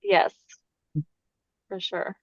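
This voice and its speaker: A woman's voice: extremely slow, a bit bright, no echo, muffled recording. A woman sharing her experience in a casual group chat, earnest and hesitant with many ums. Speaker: participant.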